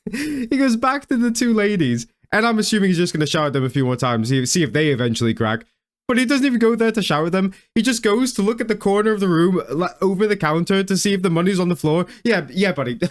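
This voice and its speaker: A man's voice: high voice, expressive, fast talker. A young man doing comedic reaction commentary, mocking and laughing often, with stammers and restarts. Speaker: video commentator.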